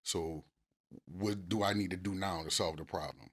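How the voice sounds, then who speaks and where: Deep-voiced man, casual and cursing. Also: moderate pace. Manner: animated, curses freely, gets loud acting out arguments. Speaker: podcast co-host. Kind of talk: casual couple's podcast chat.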